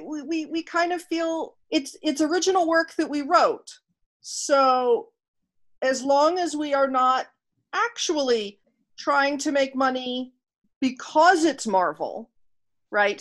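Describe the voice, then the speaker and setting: A woman guest author in a casual interview, speaking thoughtfully and haltingly as she searches for words. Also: fairly high pitch, fairly bright tone.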